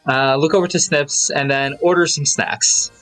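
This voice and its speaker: A man's voice: a little high, fairly even intonation, moderate pace, fairly bright tone, faint music behind. A man playing a tabletop game, casually and hesitantly describing his character's actions. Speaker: player.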